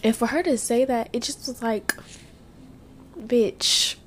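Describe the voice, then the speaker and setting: A woman's voice: on the high side, fairly even intonation, fairly quick, a little hiss or hum. A young woman hosting a podcast, venting bluntly through tears and sniffles in a casual monologue, swearing freely. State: tearful, sniffling. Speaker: podcast host.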